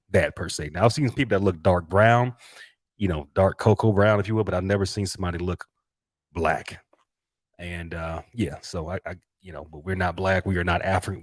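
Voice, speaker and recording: A man's voice: sits low, no echo, clean studio sound. A man hosting a casual talk show, rambling with lots of filler words. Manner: rambling, many fillers, calls audience y'all. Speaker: host. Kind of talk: casual chat.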